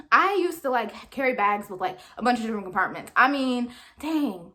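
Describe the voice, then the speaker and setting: A woman's voice: fairly high pitch, normal speed. A young woman, telling a chatty storytime to her viewers. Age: young adult. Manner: animated, chatty, addresses viewers as y'all. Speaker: vlogger. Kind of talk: storytime vlog.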